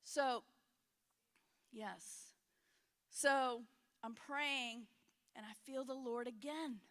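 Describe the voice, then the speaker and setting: A middle-aged woman preaching a frank, emotional sermon in a church, swinging between loud and hushed. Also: fairly high pitch, drawn-out words. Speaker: conference speaker.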